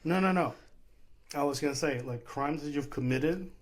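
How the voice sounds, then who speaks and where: A young man co-hosting a podcast, joking around with crude banter and quick interruptions. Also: on the high side. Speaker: podcast co-host. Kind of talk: casual chat.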